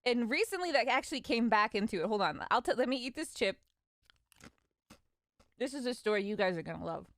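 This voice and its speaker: Young woman streamer telling animated stories. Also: a little high, a little fast, long pauses, no room sound, studio quality. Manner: animated, laughing, quotes parents in voices. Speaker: vtuber streamer. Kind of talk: casual storytelling.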